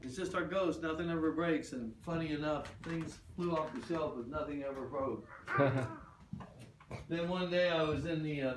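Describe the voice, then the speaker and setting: Older male tour guide, chatty storyteller, heard from afar, noisy room. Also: mid-range voice. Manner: chatty, acts out quoted voices. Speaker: ghost town guide. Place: old wooden building, indoors. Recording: roomy, distant, noisy camera audio.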